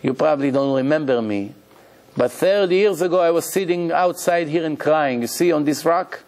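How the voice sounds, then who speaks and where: A man's voice: fairly high pitch, normal speed, darkish tone, lightly acted. A man playing an earnest older baker.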